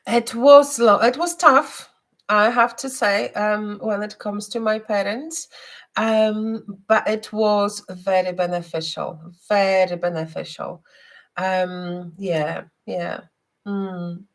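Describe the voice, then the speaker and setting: A woman hosting a live stream and giving spiritual readings, talking gently with many hesitations and repeated words. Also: medium pitch, steady tone, slow pace. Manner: soft and gentle, guiding breathing.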